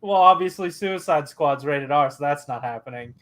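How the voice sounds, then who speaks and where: A man co-hosting a casual live-stream chat, blunt and excitable. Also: fairly high pitch, moderate pace. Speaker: podcast co-host.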